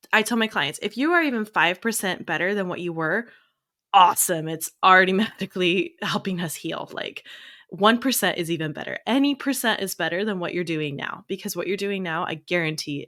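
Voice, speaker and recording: A woman in her thirties, a therapist co-hosting a podcast, talking in an encouraging way and reading uplifting lines slowly. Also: lowish voice, bright, forceful tone. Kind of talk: casual podcast chat.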